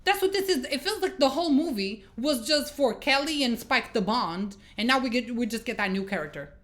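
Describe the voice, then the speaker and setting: A woman's voice: a little high, a little fast. A woman giving a casual movie review, exasperated and swearing as she retells scenes. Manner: exasperated, swearing, animated storytelling.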